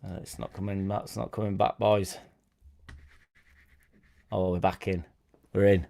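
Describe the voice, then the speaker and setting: Mellow-voiced man chatting on a livestream. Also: deep voice, level tone, a little slow, gravelly. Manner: rambling and chatty, reads out viewer comments; self-deprecating asides. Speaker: fan channel host. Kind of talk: casual live-stream chat.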